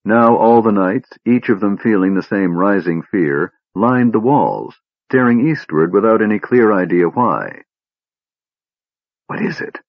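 A man narrating a fantasy audiobook with animated storytelling. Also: lowish voice, a little slow, no echo. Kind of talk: scripted narration. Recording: dull dry lo-fi recording.

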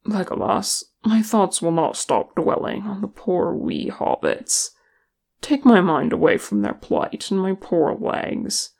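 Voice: mid-range voice, very animated, slow pace, gravelly, darkish tone, exaggerated voice. A reader voicing a blunt, grumbling male dwarf warrior in a fan fiction audiobook.

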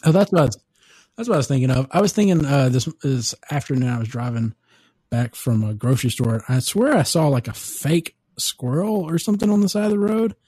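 A man's voice: mid-range voice, expressive, fairly quick, mellow, husky, dry recording. A man chatting casually as a podcast co-host, rambling and laid-back, cursing and laughing at his own ideas. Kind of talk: casual chat.

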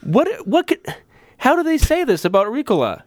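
Goofy man with big pitch jumps. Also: huge pitch swings, moderate pace, no echo. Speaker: podcast co-host. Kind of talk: comedic podcast banter.

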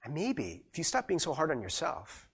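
Man, pastor, conversational sermon, husky voice, slightly high pitch, very expressive. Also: moderate pace. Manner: conversational, animated, acts out quoted voices.

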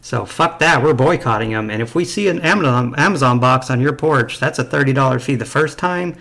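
Deadpan man on a prank call. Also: medium pitch, fairly quick, gravelly. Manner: calm, deadpan, provoking. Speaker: prank caller.

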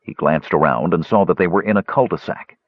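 A man reading a fantasy adventure aloud in steady, measured scripted narration. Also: low voice, slightly rough, dry recording. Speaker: audiobook narrator. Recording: dull, dry lo-fi recording.

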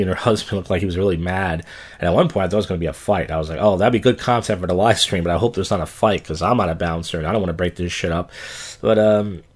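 A young man with a low voice hosts his own podcast. He talks in a loose, meandering way, crude and quick to poke fun at himself. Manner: loose, crude, self-deprecating storytelling. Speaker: podcast host. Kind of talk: casual rambling monologue.

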